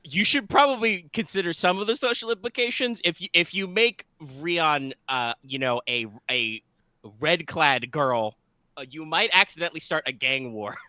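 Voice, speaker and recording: A man's voice: fairly high pitch, animated, normal speed, pushed and bright, clean tone, dry recording. A man running a tabletop game as game master, with wry, teasing asides.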